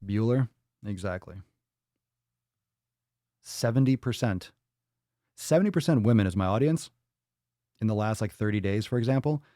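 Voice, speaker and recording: Lowish guy doing a live fitness q&a, swearing a lot, blunt, dry sound no room. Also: lively intonation, moderate pace, long pauses, warm tone, no room sound. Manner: blunt, profane, combative. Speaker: fitness podcast host. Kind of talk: live Q&A chat.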